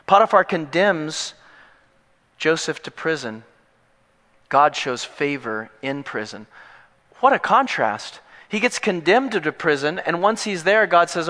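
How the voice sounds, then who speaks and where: Bright, animated male pastor preaching. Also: fairly high pitch, a little slow. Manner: animated, joking, emphatic. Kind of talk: sermon. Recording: long echo in a large hall.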